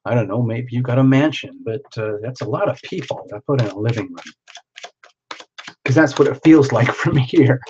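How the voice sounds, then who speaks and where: A man chats his way through a live tarot stream, thinking out loud and greeting viewers by name. The sound is dull and lo-fi, with a faint hiss of noise behind him. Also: medium pitch, expressive, unhurried, pauses often. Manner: chatty, self-talking, reads out viewer names.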